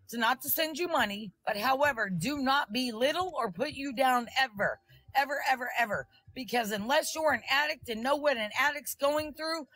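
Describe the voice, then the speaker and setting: Woman, high voice, live-stream call-out, insistent, scolding. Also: bright, forceful tone, poor audio.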